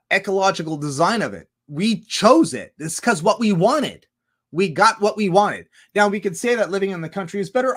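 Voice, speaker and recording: A man's voice: high voice, fairly bright tone. A man rambling through a livestream monologue, swearing a lot and firing off rhetorical questions. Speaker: streamer.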